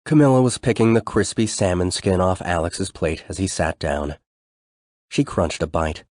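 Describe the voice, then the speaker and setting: A man reading an audiobook in a measured, steady scripted narration. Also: low voice, no room sound, studio quality.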